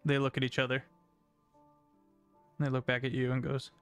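A man narrating a tabletop game as game master, unhurried, with fillers. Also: mid-range voice, monotone, clear, resonant tone, soft background music.

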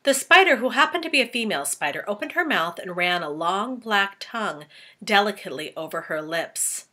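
Brief: lively, bright-voiced female teacher reading aloud to kids. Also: mid-range voice, fairly quick. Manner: animated, asks children questions. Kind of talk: storybook read-aloud for children.

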